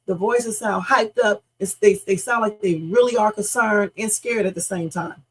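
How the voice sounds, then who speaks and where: A woman's voice: mid-range voice, moderate pace, slightly rough, low-quality recording. A woman streaming reaction commentary in a casual, blunt, opinionated way, often tossing in "okay?" and the odd swear word.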